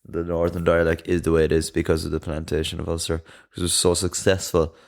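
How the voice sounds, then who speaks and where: A man's voice: deep voice, monotone, a little fast, gravelly, darkish tone. A young man co-hosting a podcast, chatting casually in a laid-back way and swearing freely. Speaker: podcast co-host. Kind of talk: casual chat.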